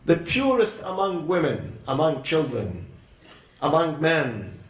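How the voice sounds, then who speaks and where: A man at a youth gathering, telling a religious story as a sermon, with dramatic pauses and short emotional phrases. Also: a little high, big pitch swings. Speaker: speaker at a youth event. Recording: roomy echo.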